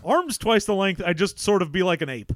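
A man's voice: high voice, big pitch swings, fairly quick, no echo. Laid-back joking man in casual banter. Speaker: podcast co-host. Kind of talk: casual chat.

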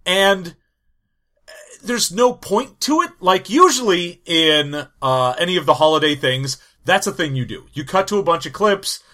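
A man's voice: high voice, animated, a little slow, bright, forceful tone. A man co-hosting a podcast, chatting casually about a film with dry, sardonic quips. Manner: sardonic quips, mock reactions. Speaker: podcast co-host. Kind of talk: casual chat reviewing a film.

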